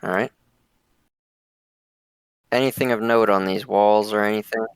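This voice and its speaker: Gravelly low-voiced man playing a tabletop game. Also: steady tone, measured pace, crowd noise. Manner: describes his character's actions carefully in first person, with fillers. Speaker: player.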